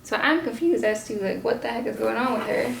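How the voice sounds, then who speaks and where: A woman in her twenties, a vlogger and mother, telling a story in a casual, animated way with many fillers. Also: on the high side, a little fast, creaky. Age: 20s. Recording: noisy home recording.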